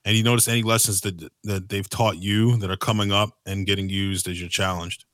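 A man's voice: low voice, fairly even intonation, brisk, a bit bright, dry recording, studio quality. A man hosting a casual podcast conversation, rambling and filling his talk with "like" and "you know what I mean".

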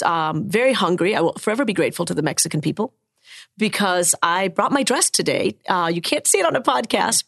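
A woman's voice: mid-range voice, vocal fry, no room sound, clean studio sound. A woman in her sixties from Cuba, a storyteller and author whose first language is Spanish, telling a personal story on a podcast and slipping into the voices of the people she quotes.

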